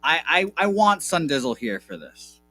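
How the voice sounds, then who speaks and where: A man on a sports betting radio show, talking fast and heated, gloating, swearing and repeating himself. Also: on the high side, big pitch swings, sharp tone, dry recording.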